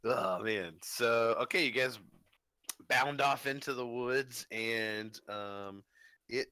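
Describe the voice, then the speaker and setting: A man's voice: mid-range voice, slow, pushed and bright, smooth, no echo. A man running a tabletop game as game master, narrating the scene in a rambling way full of fillers like "um" and "you know".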